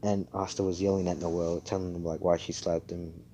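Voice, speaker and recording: Young man, deep, relaxed voice, rambling profane storyteller on a chat mic. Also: a little fast, a little hiss or hum. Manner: rambling, profane, full of "like" and "you know". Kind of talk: casual fan-fiction storytelling.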